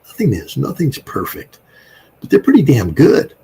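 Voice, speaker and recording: A man's voice: mid-range voice, wildly swooping pitch, moderate pace, gravelly, mellow, breathy edge, low-quality recording. An American man in his sixties, speaking as an interview guest in a rambling, emphatic way with frequent fillers. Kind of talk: casual interview talk.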